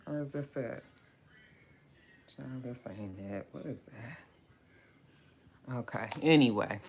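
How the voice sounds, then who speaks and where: Low-voiced woman chatting on a livestream. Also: slow pace, a little mellow, a little hiss or hum. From West Coast of the United States. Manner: greets viewers by name, chatty and drawling. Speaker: book club host. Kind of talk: casual livestream chat.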